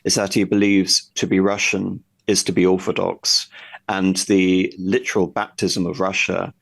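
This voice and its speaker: A man discussing history at length in a conversational way, pausing often with fillers and restarts. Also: low-pitched, little pitch movement, gravelly, a bit bright, no room sound. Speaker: guest history commentator.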